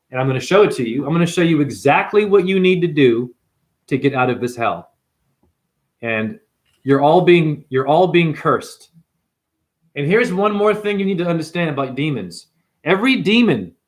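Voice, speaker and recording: A man giving an intense, profane spiritual sermon to camera, firing rhetorical questions at the viewer. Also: on the high side. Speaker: spiritual teacher. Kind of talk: unscripted preaching monologue.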